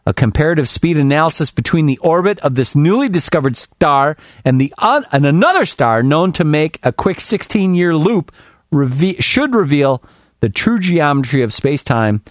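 A man's voice: on the high side, very animated, normal speed, no echo, studio quality. A man co-hosting a casual, jokey talk show, reading news items aloud with asides. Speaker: co-host. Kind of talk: casual radio-style banter.

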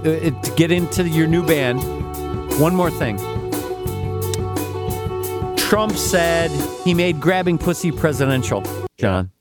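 Animated joking man, lively pitch. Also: slow, pauses often, over loud music. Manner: animated storyteller, swearing, mock voices. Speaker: podcast co-host. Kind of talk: casual comedic chat.

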